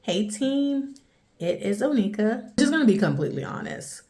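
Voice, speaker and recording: A woman's voice: on the high side, very animated, normal speed, darkish tone. A woman in a fitness program giving a frank, self-deprecating video update to her team. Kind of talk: casual video testimonial.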